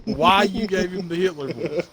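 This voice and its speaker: A man's voice: sits high, moderate pace, a crowd in the background. A young man co-hosting a podcast, needling his friend in casual chat. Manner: teasing, needling. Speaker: podcast co-host.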